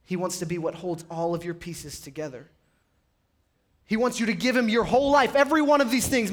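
A man preaching a sermon as pastor, rising to loud pleading peaks and dropping to quiet, low passages. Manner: impassioned, rises high and loud on pleas then drops low. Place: church sanctuary.

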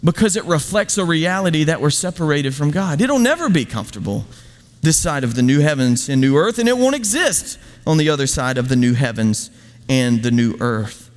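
A man's voice: a little high, big pitch swings, normal speed, in a large hall. A man preaching a sermon as pastor, emphatic and conversational, full of rhetorical questions.

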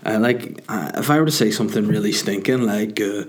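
Rambling, crude-joking man, slightly low. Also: fairly quick, few pauses. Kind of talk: casual rambling monologue. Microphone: desk microphone.

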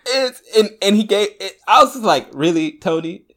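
A man's voice: high voice, brisk, fairly bright tone. A man co-hosting a podcast, telling rambling anecdotes in casual chat and laughing often. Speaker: podcast co-host.

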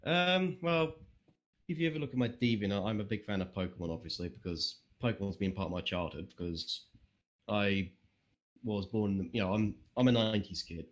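A man's voice: on the low side, a little fast. A young man chatting as a podcast guest, rambling and swearing freely, with self-deprecating jokes. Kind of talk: casual interview chat.

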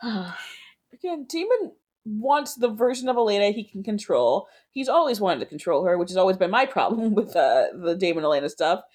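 A woman's voice: medium pitch, sing-song, moderate pace, a little mellow. A woman co-hosting a podcast, giving wry, exasperated commentary in casual chat. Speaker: podcast co-host.

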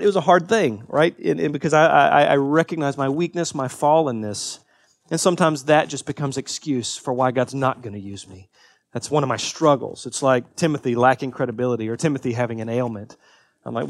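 A man's voice: medium pitch, no echo. Earnest man preaching a sermon. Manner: earnest, rising to emphatic peaks, then quiet and confessional; halting restarts and repeated words. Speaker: pastor.

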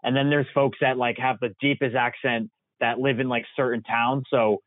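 A man's voice: mid-range voice, normal speed, no room sound. A young man from Connecticut chatting casually, rambling with lots of fillers. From Connecticut, USA. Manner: relaxed, rambling with many fillers. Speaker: guest. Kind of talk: casual chat. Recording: tinny phone-like line.

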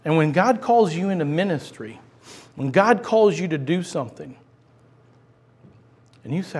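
Impassioned high-voiced male preacher. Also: expressive, normal speed, pauses often, breathy edge. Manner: impassioned, swings from loud to hushed. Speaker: pastor. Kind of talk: sermon.

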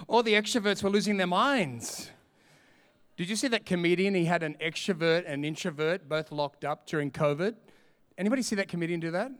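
A man preaching a sermon, animated and humorous, acting out little scenes. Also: high voice, normal speed, long pauses. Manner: animated, humorous, acts out quotes. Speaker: pastor.

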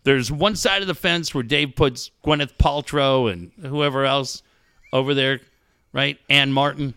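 A man's voice: medium pitch, unhurried, bright, forceful tone, smooth, dry recording, studio quality. A man hosting a casual talk show who swears freely and exclaims a lot. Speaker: host. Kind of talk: casual chat.

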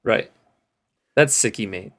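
A man co-hosting a casual podcast, chiming in with quick jokes and reactions. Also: on the low side, a bit bright. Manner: jokey, quick interjections and banter. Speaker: podcast co-host. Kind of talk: casual chat.

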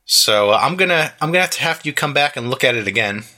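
A man's voice: mid-range voice, animated, fast talker, sharp tone. A man in his thirties telling a long story in casual chat, rambling with lots of fillers and restarts and acting out what others said. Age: 30s.

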